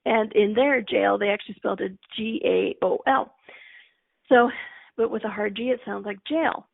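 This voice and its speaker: Gravelly woman coaching over a tinny stream. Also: mid-range voice, moderate pace, no room sound. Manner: chatty, storytelling, acts out quotes. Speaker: life coach. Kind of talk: live-streamed coaching talk.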